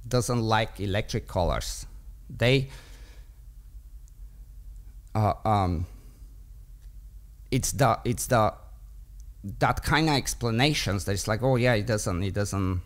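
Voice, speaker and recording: A man with a fairly low voice talks slowly and deliberately in a podcast debate. He explains his case as a story and drops into the inner thoughts of his characters as he goes. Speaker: dog trainer debating on a podcast.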